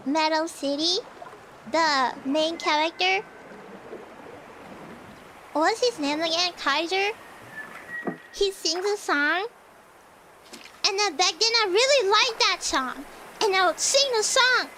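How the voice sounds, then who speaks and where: Female streamer, very high voice, slight lisp, unhurried, melodramatic; noisy home mic. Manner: animated, dramatic outbursts. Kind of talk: casual stream chat.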